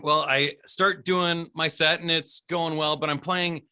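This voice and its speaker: A man being interviewed as a guest, a DJ telling stories in an animated, chatty way with frequent laughs. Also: a little high, a little slow, smooth. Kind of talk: casual storytelling interview.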